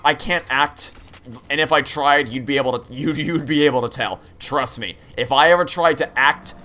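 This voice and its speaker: A man's voice: medium pitch, bright, forceful tone, slight background noise. A young man streaming a game, rambling candidly with frequent restarts and profanity. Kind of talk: live-stream chat while gaming.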